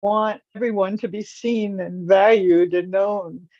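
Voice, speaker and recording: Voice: mid-range voice, fairly even intonation, measured pace, no echo, lo-fi sound. A participant on a live video call, earnest and eager as they answer questions.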